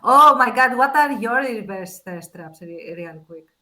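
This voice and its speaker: Lady chatting on a podcast, bright clear voice, frank and chatty. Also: a little high, lively intonation, rough recording. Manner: frank, chatty, quick to laugh. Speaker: podcast co-host. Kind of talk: casual chat.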